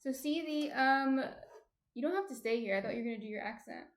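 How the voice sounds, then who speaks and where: A woman's voice: high voice, expressive, brisk. A woman hosting a casual cooking livestream from her home kitchen, chatty and light-hearted. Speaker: cooking streamer host.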